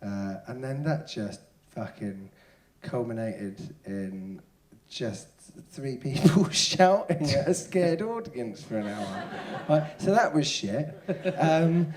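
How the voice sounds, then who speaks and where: A comedian guest telling a funny story in casual chat, often breaking into shouts and laughter as he acts out the people in it. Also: medium pitch, takes it slowly, few pauses. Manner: lively storytelling, shouting out quoted hecklers, laughing. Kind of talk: casual anecdote. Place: stage before a live audience.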